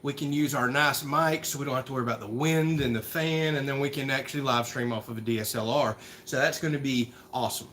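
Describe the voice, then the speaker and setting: A man hosting a casual livestream Q&A, chatty and rambling and quick to laugh, recorded on a phone camera. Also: mid-range voice, fairly bright tone, a little hiss or hum. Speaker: livestream host.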